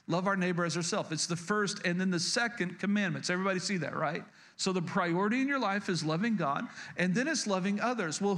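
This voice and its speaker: A man's voice: sits high, a bit bright. A man around fifty preaching a sermon as pastor, folksy and joking, talking straight to his congregation and often repeating himself. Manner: folksy, humorous, addresses the congregation directly; repeats and restarts words.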